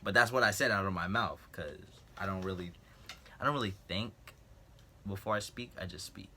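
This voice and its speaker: Low-voiced young man telling a story. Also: a little fast, slight background noise. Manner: animated storytelling, acting out quotes. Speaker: vlogger. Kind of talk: casual storytime vlog.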